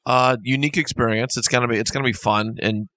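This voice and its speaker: A man co-hosting a casual wrestling podcast, offering measured, unhurried opinions. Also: mid-range voice, fairly even intonation, pushed and bright, no room sound. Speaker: podcast co-host.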